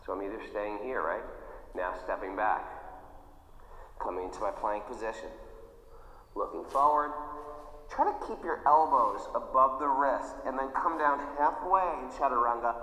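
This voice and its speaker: A man's voice: medium pitch, normal speed, bright, forceful tone. A man guiding a yoga class with short cues, chatty and playful, joking about himself between poses. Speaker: yoga instructor. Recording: echoey room with long reverb, dull lo-fi sound.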